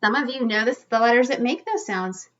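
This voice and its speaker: A woman teaching a children's lesson, speaking clearly and slowly as she demonstrates for young learners. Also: on the high side, fairly bright tone. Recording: slightly dull lo-fi sound.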